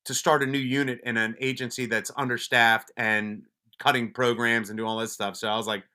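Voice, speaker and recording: As a guest on a podcast, this police officer and wellness advocate shares stories of his police work in a casual, blunt manner. He swears freely and keeps restarting sentences. His voice is medium-pitched and bright and forceful, with a level tone and a fairly quick pace.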